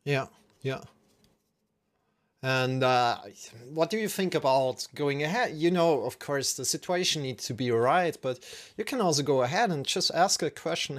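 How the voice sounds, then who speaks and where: A man's voice: mid-range voice, moderate pace. A man interviewing a guest in a casual way, reading out audience questions and laughing easily.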